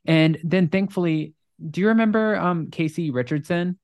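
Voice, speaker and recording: A woman telling a story in casual chat, full of "like" fillers and casual swearing, acting out the people she quotes in higher voices. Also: normal speed, no echo, clean studio sound. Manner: animated storyteller, acts out quotes in high voices.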